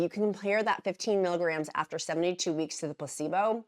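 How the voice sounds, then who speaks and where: A woman vlogger talking casually and emphatically to her viewers, repeating words for stress and dropping into quieter asides. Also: on the low side, fast. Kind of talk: casual explainer vlog.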